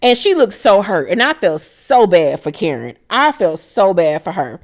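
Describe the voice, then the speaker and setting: A woman's voice: on the low side, very animated, normal speed. A woman hosting a casual recap of a reality TV episode, blunt and profane, with dramatic asides and frequent laughter. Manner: laughs often while retelling scenes.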